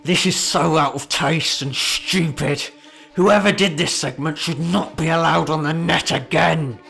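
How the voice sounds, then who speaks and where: A man voicing indignant online commenters in an attempted Birmingham accent, loud and scolding. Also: a little high, steady tone, unhurried, gravelly. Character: outraged indignant Facebook commenters, adult.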